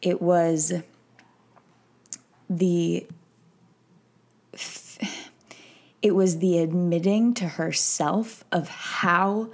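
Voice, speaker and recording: Woman, podcast host, slow unhurried delivery, teary, heartfelt reflective monologue. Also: fairly low pitch, steady tone. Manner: slow, emotional, tearful at times.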